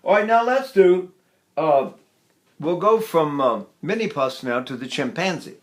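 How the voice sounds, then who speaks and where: An older man teaching vocal technique, with a slightly high voice for a man. He talks in a folksy, demonstrative way and stops now and then to sing vowels as examples. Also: expressive, measured pace. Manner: folksy, demonstrative, sings sample vowels and laughs between points.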